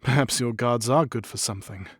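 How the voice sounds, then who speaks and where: A man's voice: medium pitch, brisk, husky, no room sound, lightly acted. A man reading aloud and voicing a hardened male elf hunter who speaks in a dry, teasing way. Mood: wry.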